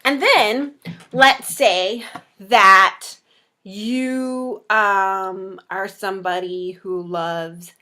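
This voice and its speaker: A young woman chatting through a meal planning tutorial with a bright, crisp voice. She is playful and talkative, and she keeps slipping into quick little voices to act out how her viewers react. The tone is casual, the way a vlogger talks straight to the camera. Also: mid-range voice, fairly even intonation. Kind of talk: casual talking-head tutorial.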